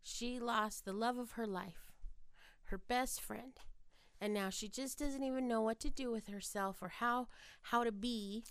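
Woman cohost telling a story, animated, smooth voice, kinda high, dry close sound. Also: unhurried, no echo. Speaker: podcast co-host. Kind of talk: casual chat.

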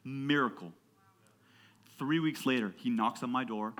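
A man in his thirties preaching a sermon to his church, emphatic and building to loud passionate peaks, calling on the congregation to answer back. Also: medium pitch, measured pace, pauses often, slight background noise. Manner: call-and-response with the congregation. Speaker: pastor.

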